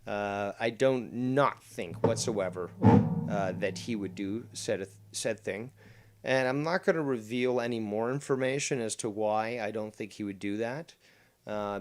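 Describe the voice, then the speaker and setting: A man hosting a casual livestream, reading the chat and talking in a mock-formal way, with some swearing. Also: on the low side. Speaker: livestream host.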